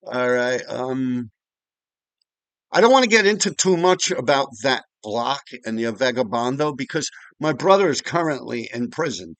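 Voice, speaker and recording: Casual and profane, a fiftysomething male vlogger meanders through stories about his neighborhood, frequently restarting and tossing in asides. The voice is medium-pitched, animated, and fairly bright, delivered at normal speed with no echo.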